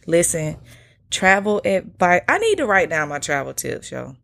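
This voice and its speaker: Young atlanta woman podcasting, lowish fry-heavy voice, chatty and blunt, swears a lot. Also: sing-song, moderate pace. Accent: Atlanta Southern. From United States. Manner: candid, chatty, swears freely, slangy. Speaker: podcast host. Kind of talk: casual solo podcast storytelling.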